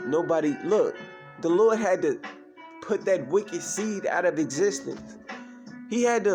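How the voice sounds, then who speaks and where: A man's voice: sits high, expressive, measured pace, music in the background. A man teaching from scripture, reading verses aloud and explaining them, often asking "you understand me?". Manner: repeats "you understand me?" as a refrain. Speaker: preacher.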